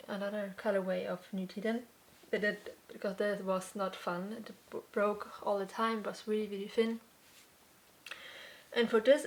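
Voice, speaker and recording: A young adult woman hosting a casual crafts podcast, chatting in an unhurried way with many fillers and restarts, slightly out of breath at times. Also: mid-range voice. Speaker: podcast host. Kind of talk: casual chat.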